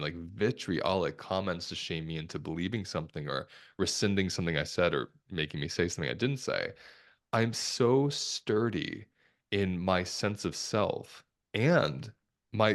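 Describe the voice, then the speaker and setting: A man, a somatic therapist, talking as a guest in a podcast interview in a calm, reflective, measured way. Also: low-pitched. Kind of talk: conversational interview talk.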